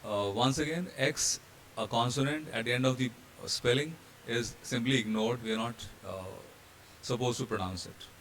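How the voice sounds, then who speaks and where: An Indian man who trains hotel staff walks through pronunciation rules on his slides, spelling out letters as he goes, with a few fillers and restarts. His voice is mid-range and a bit bright, at a moderate pace, with slight background noise.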